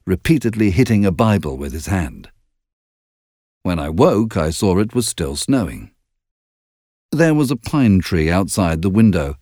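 A man narrates an audiobook with an expressive, measured storytelling style. His pitch sits fairly low, and the recording is clean studio sound with no echo.

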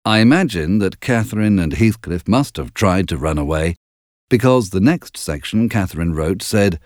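A man narrating an audiobook in an expressive, measured storytelling manner. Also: low voice, no room sound, clean studio sound.

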